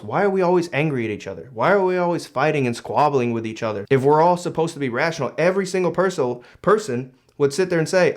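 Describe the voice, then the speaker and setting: A young man with an ordinary mid-pitched voice reads a passage from an old book aloud. Then he muses on it in a loose, conversational way, with plenty of fillers and restarts. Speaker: book commentator. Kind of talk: casual reading and commentary.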